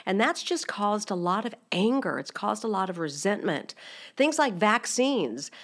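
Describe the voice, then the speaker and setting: A woman's voice: medium pitch, animated, unhurried, fairly bright tone. A middle-aged woman hosting a faith-based podcast, teaching in an earnest, direct way and asking her listeners many rhetorical questions. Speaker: podcast host.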